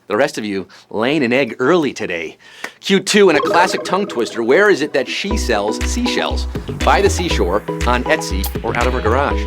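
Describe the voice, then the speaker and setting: A man's voice: medium pitch, a bit bright. A man hosting a live trivia show, firing off puns and jokes between the questions. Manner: punny, jokey, fast-talking quizmaster. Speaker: quiz show host.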